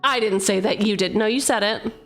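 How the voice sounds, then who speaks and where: Talking a little fast in a mid-range voice, a young adult woman runs a relaxed stream where she builds a card-game deck. Her tone is playful and teasing as she blends card text with chatter, and faint music sits behind her.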